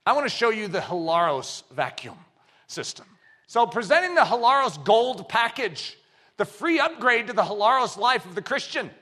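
A middle-aged man preaching a sermon, swinging between hushed asides and shouted exclamations. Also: high voice, sing-song, moderate pace.

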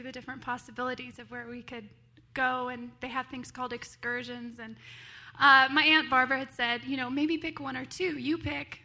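Woman, high bright voice, bubbly storyteller, laughs often, church testimony. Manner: bubbly, breaks into laughs, acts out quoted voices. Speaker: church member sharing a testimony. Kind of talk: personal story told in a sermon.

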